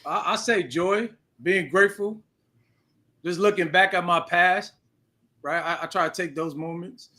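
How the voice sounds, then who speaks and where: A man's voice: high voice, measured pace, sharp tone. A man in casual chat, speaking reflectively and checking in with "right?" as he goes. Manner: reflective, tags lines with "right?".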